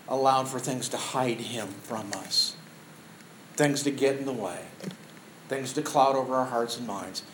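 A man's voice: medium pitch, fairly bright tone, echoey room, slight background noise, low-quality recording. An older man preaching a sermon in an earnest, storytelling way, building to emphatic peaks. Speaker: pastor.

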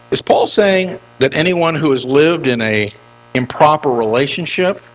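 Older man, pastor's sermon voice, animated pitch, repeats lines for emphasis. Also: rough recording. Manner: emphatic, repeats phrases for stress.

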